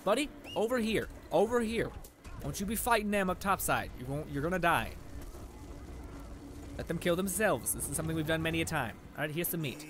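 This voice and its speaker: A young man giving casual, excitable gameplay commentary, swearing a lot and yelling at enemies as he plays. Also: on the high side, a little fast, faint music behind. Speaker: let's play gamer.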